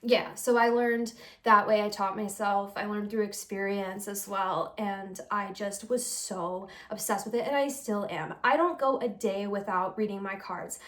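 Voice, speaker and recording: A young woman who reads tarot and hosts her own channel chats casually to camera in a rambling, earnest, confessional vlog, full of fillers and giggles. Her mid-range voice is fairly even in intonation, unhurried, with hardly any pauses.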